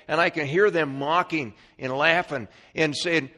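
A man preaching a sermon, emphatic, swinging from quiet passages to shouted ones. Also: a little high, a little slow, few pauses.

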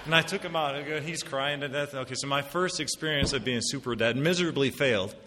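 A middle-aged man preaching a sermon as pastor, swinging between loud emphatic declarations and quiet confiding asides, on a pulpit mic in a church sanctuary. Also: medium pitch, quick pace, slight background noise. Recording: long hall reverb.

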